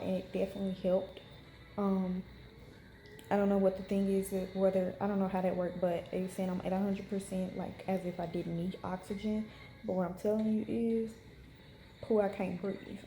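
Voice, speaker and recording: A woman's voice: mid-range voice, mellow, roomy sound, slight background noise. A young woman vlogger telling a story to camera in a frank, chatty way with many fillers. She is unwell and in pain. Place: hospital room.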